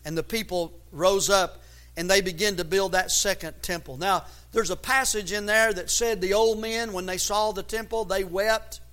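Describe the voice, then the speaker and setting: Bright high-voiced preaching man. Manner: rising to loud emphatic preaching; repeats words while searching for phrasing. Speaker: pastor. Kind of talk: sermon.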